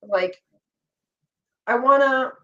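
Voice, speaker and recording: A woman's voice: sits high, very slow. A young woman, a reality show guest, talking candidly and acting out what people said, with frequent swearing. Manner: candid, animated storytelling with quoted asides and swearing. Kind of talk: casual chat. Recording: slightly distant, dull lo-fi audio.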